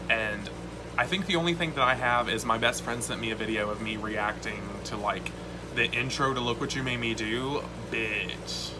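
A man telling a story to camera in casual vlog style, excited and swearing often, with lots of "like". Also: medium pitch, normal speed, noisy background. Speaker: vlogger.

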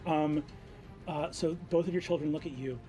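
A man's voice: a little high, moderate pace. Game master man narrating with music. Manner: animated narration that sinks to a hushed near-whisper.

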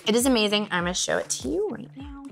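A woman's voice: fairly high pitch, lively intonation, fast talker, vocal fry, a bit bright, faint music behind. Bubbly chatty woman vlogger. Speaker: vlog host. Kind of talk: casual lifestyle vlog.

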